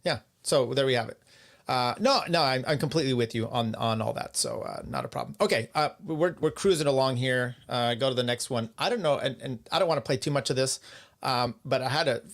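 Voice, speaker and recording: A man in the middle of the usual pitch range hosts a casual livestream. He talks easily with many fillers and reads out questions from viewers. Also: a little fast, creaky. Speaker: podcast host.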